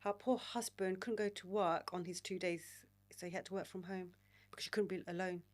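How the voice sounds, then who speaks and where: A woman in her forties, a podcast guest telling candid stories in an animated, frank way and swearing freely. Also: fairly low pitch, brisk. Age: 40s. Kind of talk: candid storytelling conversation.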